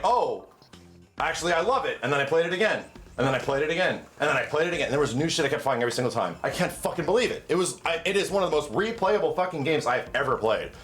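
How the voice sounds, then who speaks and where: A man co-hosting a casual gaming debate, telling stories in an animated, profane way. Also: fairly high pitch. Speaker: co-host of a gaming debate stream. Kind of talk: casual group chat.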